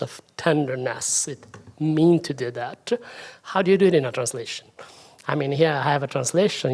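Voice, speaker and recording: Lecturer thinking aloud. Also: medium pitch. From Italy. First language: Italian. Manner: thinking aloud, self-deprecating asides. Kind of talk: academic talk.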